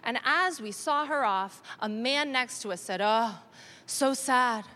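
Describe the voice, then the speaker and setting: A woman doing stand-up comedy on stage, talking in an animated, sardonic way and laughing through her punchlines. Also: high-pitched, moderate pace. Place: comedy stage with live audience.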